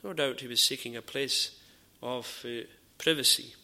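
A man preaching a sermon in an earnest, measured way, with frequent pauses and repeated phrases. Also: medium pitch, gravelly, pushed and bright. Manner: drops to a near whisper in dramatised dialogue.

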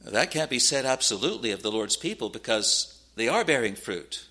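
A man's voice: medium pitch, sing-song, a little fast, sharp tone. A man preaching a sermon in a solemn, earnest manner, quoting scripture in old-fashioned wording. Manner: solemn, rising to urgent warnings.

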